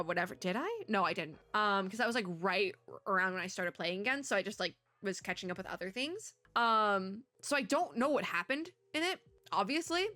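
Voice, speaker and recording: Here a VTuber host plays through a story game, reading its text aloud and drifting off into chatty tangents punctuated by frequent laughter. Her mid-range voice has a sharp edge and sounds slightly worn from illness, captured in a dry recording.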